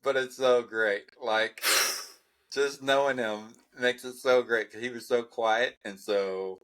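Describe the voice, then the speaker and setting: A man co-hosting a podcast in easy, casual chat. His voice is bright and forward, and his manner is laid-back, chiming in and laughing along. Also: medium pitch, fairly even intonation, slow pace, poor audio. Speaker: podcast co-host.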